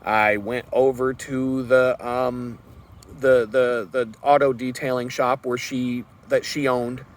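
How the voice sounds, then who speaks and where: A man's voice: medium pitch, flat delivery, slow. A man vlogging a personal story in an earnest, rambling way, with fillers and restarts.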